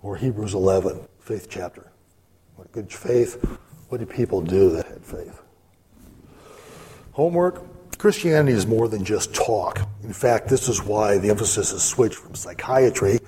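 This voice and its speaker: A man's voice: fairly low pitch, warm tone, husky. A man giving casual Bible teaching in a conversational way, full of asides and fillers. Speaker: preacher.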